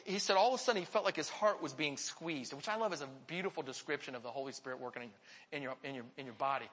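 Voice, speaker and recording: A man preaching a sermon to his church, telling stories with earnest, animated delivery. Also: a little high, very fast, husky, long reverb tail. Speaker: pastor.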